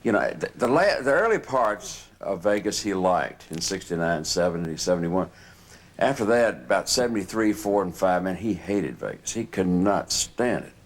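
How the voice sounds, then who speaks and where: A man's voice: low voice, expressive, moderate pace. Older man, reflective storyteller, loose phrasing. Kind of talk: reminiscing anecdotes.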